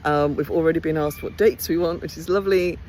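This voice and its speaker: Chatty low-voiced woman vlogging. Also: steady tone, fast talker, a little mellow, slight background noise. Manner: chatty, enthusiastic, many ums and restarts. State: tired. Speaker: theatre company director. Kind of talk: casual behind-the-scenes vlog. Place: outdoors by a house.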